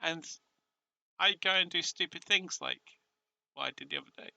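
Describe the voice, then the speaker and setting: A man with a British accent chatting casually on a live stream, excitable and emotional, often restarting his sentences. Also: a little high, normal speed, vocal fry, no echo.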